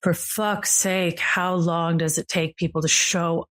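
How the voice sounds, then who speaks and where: A woman voicing a grumpy, fed-up woman who speaks slowly and with exasperation. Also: lowish voice, steady tone, fairly bright tone. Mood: exasperated. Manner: exasperated, slow.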